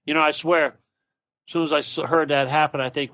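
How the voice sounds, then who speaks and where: A man's voice: on the high side, steady tone, fairly quick, a bit bright, lo-fi sound. A man hosting his own show, delivering a blunt, profane and sarcastic solo political rant. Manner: sarcastic, mocking. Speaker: show host.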